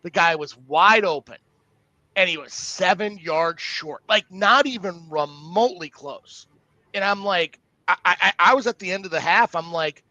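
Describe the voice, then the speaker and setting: A man co-hosting a live college football talk show, giving blunt opinions in an animated way with frequent stammering restarts. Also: high-pitched, unhurried, dry recording, highs cut off. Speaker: co-host. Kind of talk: casual sports talk.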